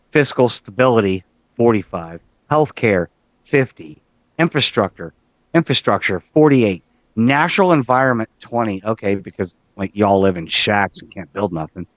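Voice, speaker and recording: A man's voice: fairly low pitch, no room sound, rough recording. Dry-voiced man reading stats sarcastically. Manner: dry, listing numbers with sarcastic asides. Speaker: podcast co-host. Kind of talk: casual chat reading stats.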